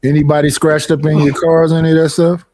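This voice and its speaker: A man's voice: fairly high pitch, little pitch movement, fast talker, dark tone. A man in a casual chat who asks short questions and makes dry remarks.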